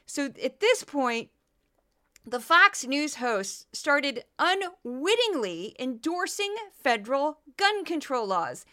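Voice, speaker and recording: A woman's voice: sits high, very animated, a little slow, pushed and bright. A woman from the American Midwest hosting a commentary podcast, talking in a sarcastic, mocking way. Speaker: podcast host.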